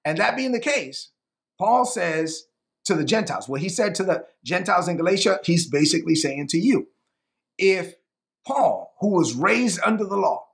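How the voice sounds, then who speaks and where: A male preacher teaching a sermon to camera in an animated, conversational way, often repeating himself for emphasis. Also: high voice, moderate pace, creaky.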